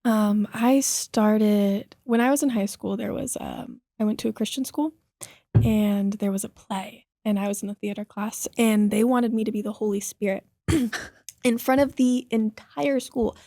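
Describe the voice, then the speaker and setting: A woman's voice: medium pitch, steady tone, measured pace, warm tone, no room sound, studio quality. A young adult woman, an actress guest, talking thoughtfully and a little hesitantly in a casual podcast chat.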